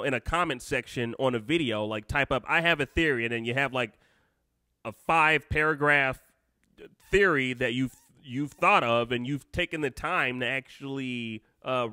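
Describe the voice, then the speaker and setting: An excitable male host chatting off the cuff on a live stream, rambling through restarts and fillers. His voice is forceful and sharp with a slightly high pitch, recorded dry and close with no room sound. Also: dry recording. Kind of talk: unscripted casual live-stream chat.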